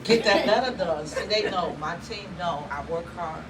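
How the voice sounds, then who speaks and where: An older woman pastor speaking at a church gathering, thanking her team, animated and laughing often as she acts out their replies. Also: on the low side, moderate pace. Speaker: apostle leading a church. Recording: distant mic, loud crowd and room noise.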